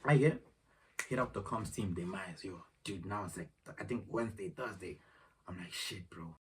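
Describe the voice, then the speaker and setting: A man's voice: low-pitched, normal speed, a bit bright, husky. A young man telling a rambling, slangy story in a casual vlog, acting out the back-and-forth of conversations, filmed at home on his phone. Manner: rambling, slangy, retells exchanges in dialogue. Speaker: vlogger. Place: room at home. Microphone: phone camera. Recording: distant phone mic, faint noise.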